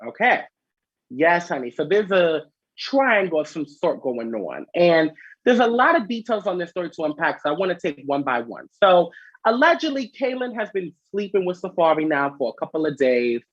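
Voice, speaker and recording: A man's voice: high-pitched, sing-song, normal speed, no room sound. A man hosting a casual gossip vlog, sassy and chatty, heard as a slightly dull lo-fi recording. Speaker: host.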